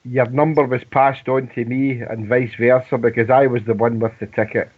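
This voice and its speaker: A man's voice: mid-range voice, flat delivery, normal speed. A man hosting a casual fan radio show, friendly and rambling with many restarts. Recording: phone-like narrow band.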